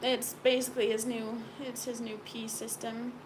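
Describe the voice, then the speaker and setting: A woman's voice: on the high side, level tone, moderate pace, noisy background. A young woman co-hosting a casual live stream, chatting sleepily and reading viewer comments aloud.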